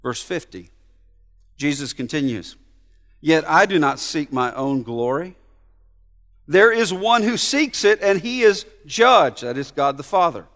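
Male pastor, expository sermon, high voice; swings from emphatic loud peaks to hushed asides, stutter-restarts; long hall reverb. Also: expressive, measured pace. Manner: repeats words when restarting phrases.

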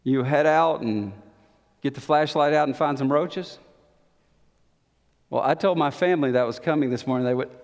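A man with a high voice preaches slowly, lingering on words with dramatic pauses and repeating lines for emphasis. His voice rings out with the long reverb of a large church hall. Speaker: pastor. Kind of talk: sermon.

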